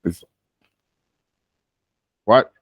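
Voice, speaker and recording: A patient American man coaches a student through spoken English in a one-on-one practice session, often interrupting himself mid-sentence. He speaks very slowly, and the studio-quality recording has no echo.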